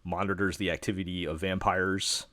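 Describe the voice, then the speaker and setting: A man's voice: sits low, level tone, moderate pace, bright, forceful tone, no room sound. A man from New York chatting casually on a podcast, rambling with lots of fillers and restarts. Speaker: podcast host. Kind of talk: casual chat.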